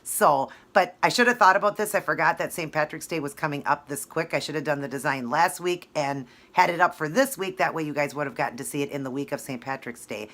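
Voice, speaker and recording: Low-voiced chatty woman nail vlogger. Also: quick pace, few pauses, fairly bright tone. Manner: chatty, friendly, step-by-step explaining. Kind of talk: casual tutorial vlog.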